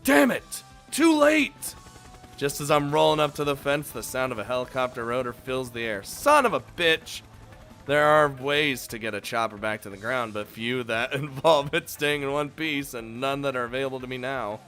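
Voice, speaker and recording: A man's voice: mid-range voice, moderate pace, sharp tone, faint music behind. A man reading a visual novel aloud and breaking off into jokey, swearing, laughing asides. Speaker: let's play host.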